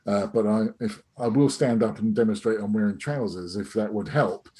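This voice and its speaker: A man's voice: on the low side, normal speed, dark tone, husky. A middle-aged man teaching a sales masterclass over a video call, rambling with many restarts and fillers. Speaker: sales trainer.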